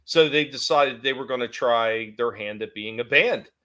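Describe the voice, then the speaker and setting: A man chatting casually about bands in a relaxed, halting way, often chuckling. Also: mid-range voice. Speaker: podcast co-host. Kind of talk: casual chat.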